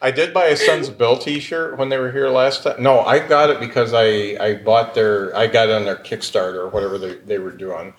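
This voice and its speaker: A man's voice: medium pitch, fairly even intonation, a little fast, hardly any pauses, a little hiss or hum, rough recording. A man in his fifties chatting casually and joking at his own expense as a regular on a talk show. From Indiana. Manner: joking, self-deprecating. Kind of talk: casual chat.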